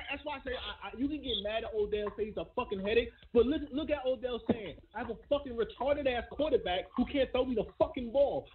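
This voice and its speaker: A man calling in to a show, ranting furiously and cursing nonstop. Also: extremely high pitch. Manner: furious, profane, fast-talking. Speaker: caller. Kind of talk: angry call-in rant. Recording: tinny phone line.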